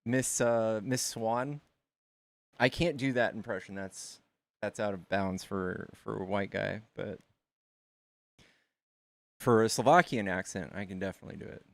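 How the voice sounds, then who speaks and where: A man hosting a livestream, chatting casually with his viewers in quick asides and calling them "dude" and "guys". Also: lowish voice, gravelly, dry recording. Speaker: livestream host. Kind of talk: casual chat with callers and chat.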